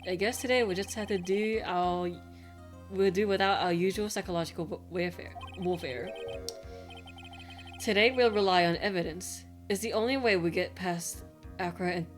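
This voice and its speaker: A woman voicing a determined young male defense lawyer in her own voice, earnest and measured. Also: on the low side, soft background music, lightly acted. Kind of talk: reading game dialogue aloud.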